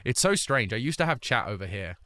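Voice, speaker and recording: A British man hosts a charity livestream from his home streaming room, chatting upbeat and casually while reading chat aloud and greeting viewers. His medium-pitched voice is sing-song, fairly quick, pushed and bright, with no echo.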